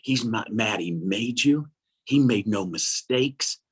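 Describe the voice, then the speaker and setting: Husky man telling an earnest story. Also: lowish voice, slow pace. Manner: animated, acts out dialogue, repeats "I said"; earnest, preacher-like. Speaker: guest speaker. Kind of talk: storytelling in an interview.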